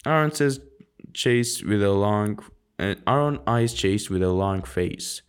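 Amateur audiobook reader, man; unhurried, halting, restarts words often. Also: on the low side, lively intonation, smooth. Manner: halting, frequent slips and restarts.

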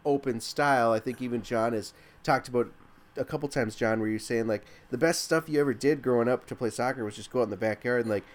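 A man's voice: medium pitch, fast. A man co-hosting a casual podcast, chiming in with agreeable remarks. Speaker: podcast co-host.

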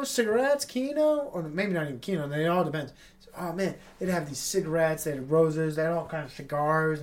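Stuffy-nosed dude rambling on his podcast at home, lots of swearing, kinda highish voice. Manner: rambling, profane, laid-back. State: stuffy nose. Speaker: podcast host. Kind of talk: casual solo podcast chat. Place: apartment with tenants upstairs.

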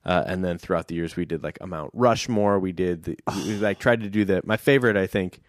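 Man, low voice, dry close sound, casual rambling anecdote, young adult. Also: brisk, no echo. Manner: rambling, many fillers and restarts. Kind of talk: casual storytelling chat.

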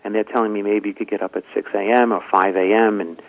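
This man talks quickly in a low, creaky voice, and the recording is dry with dull audio. A comedian and ventriloquist, he's spinning a long interview anecdote with energy, performing the dialogue of each character.

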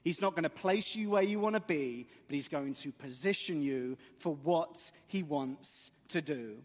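A man's voice: on the high side, unhurried. A man preaching a sermon in church, earnest and emphatic with occasional light jokes. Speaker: guest preacher. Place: church sanctuary. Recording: long church hall reverb.

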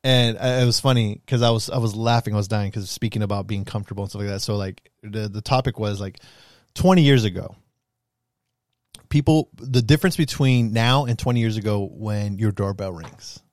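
A man's voice: lowish voice, a little fast, no echo, clean studio sound. A man in his thirties telling stories in casual, profane chat and acting out quotes as he goes. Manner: profane, storytelling, acts out quotes.

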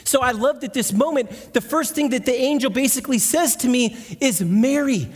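A man's voice: very high voice, moderate pace, few pauses. A man giving a guest sermon in church, talking conversationally and asking the congregation questions. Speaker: guest speaker. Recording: long hall reverb.

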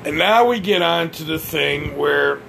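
An American podcast host delivers an opinionated, blunt and profane rant, often stammering and restarting. His voice is a little high and unhurried with vocal fry, and there is background noise.

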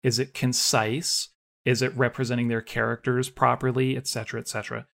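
A man's voice: medium pitch, flat delivery, brisk, creaky, fairly bright tone. A man co-hosting a podcast, chatting casually and ranting with animation about writing, laughing often. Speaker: podcast co-host.

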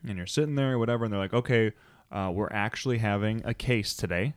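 A man with a low voice chats casually as a podcast co-host. He rambles through his stories and acts out other people's lines as he goes. The recording is dry and close. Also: fast, clear, resonant tone, no echo. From United States. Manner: rambling storyteller, acts out quotes. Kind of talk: casual chat.

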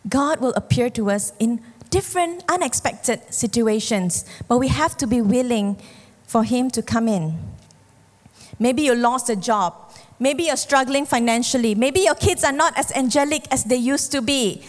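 Woman preacher, high voice, animated storytelling, long hall echo. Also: moderate pace. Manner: animated storytelling, acts out characters with shifting pitch. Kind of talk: sermon.

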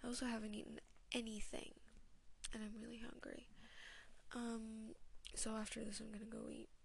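A woman's voice: on the high side, level tone, moderate pace, creaky, slightly rough. A young woman telling a school story in a casual, chatty way, swearing often and sometimes dropping into a whisper. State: voice feels off today. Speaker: student vlogger.

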